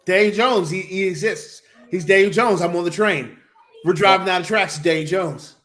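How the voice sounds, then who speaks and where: A man co-hosting a casual sports podcast, excitable and profane, breaking into loud outbursts. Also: high voice, moderate pace. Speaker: podcast co-host.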